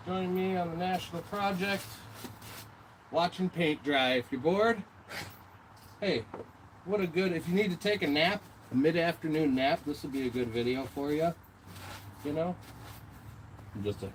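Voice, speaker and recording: A man's voice: fairly high pitch, moderate pace, pauses often. A man from Minnesota hosting a casual live stream while painting, tired from the heat, rambling and swearing a lot. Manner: rambling and profane, lots of fillers and swearing. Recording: noisy background with passing vehicles.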